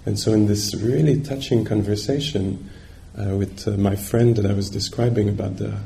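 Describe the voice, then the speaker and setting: A man's voice: lowish voice, fairly even intonation, normal speed, creaky, dark tone. A man giving a dharma talk as a meditation teacher, searching for words and checking in with his listeners.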